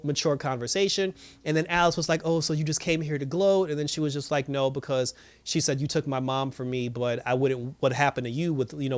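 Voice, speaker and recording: A man casually recapping a TV episode, animated and full of fillers like "you know". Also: fairly high pitch. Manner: animated storytelling, many fillers. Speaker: TV episode reviewer.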